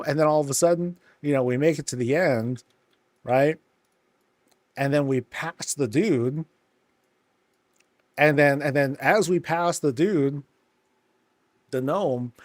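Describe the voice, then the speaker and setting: A man's voice: a little high, measured pace, long pauses, no echo. A man casually commenting on a game, telling stories animatedly with slangy asides. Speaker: game streamer.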